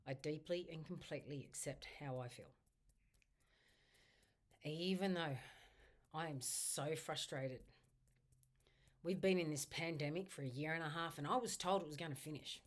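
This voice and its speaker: Low-pitched woman, instructor leading a self-help tapping routine, steady repeated phrases. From Australia. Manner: slow repetitive affirmations, first person. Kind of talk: guided tapping script spoken aloud.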